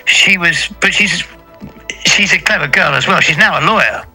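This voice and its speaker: A man in his sixties from the United Kingdom, a guest singer chatting in an interview, halting and repeating words as he talks. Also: fairly high pitch, music in the background, rough recording. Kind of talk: casual interview chat.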